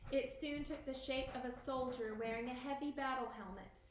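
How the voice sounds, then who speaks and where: A woman teacher reading a story aloud to a class, expressive, stopping to ask questions. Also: sits high, moderate pace, roomy sound, a little hiss or hum.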